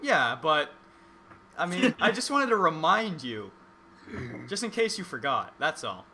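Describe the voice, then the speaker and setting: A man's voice: fairly high pitch, big pitch swings, a little slow, noisy background. A young man co-hosting a casual podcast, mocking his friends and laughing a lot. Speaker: podcast co-host. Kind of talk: casual teasing banter.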